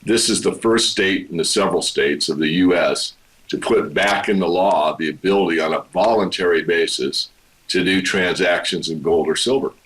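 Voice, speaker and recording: Brief: low-voiced male guest, steady and explanatory. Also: moderate pace, poor audio. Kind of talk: interview.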